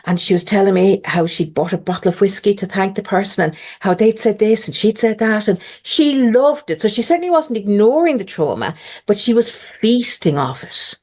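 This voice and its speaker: A middle-aged woman, a podcast guest telling a personal story in a lively conversational way. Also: mid-range voice, normal speed. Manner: animated, mimics others' voices in quotes.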